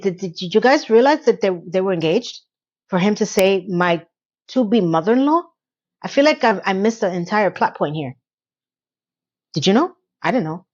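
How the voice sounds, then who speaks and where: A woman's voice: mid-range voice, a little mellow. Chatty opinionated woman with a dull lo-fi sound. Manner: chatty and opinionated, rambling asides; acts out characters' lines in quick quotes. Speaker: TV recap reviewer. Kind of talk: casual recap commentary.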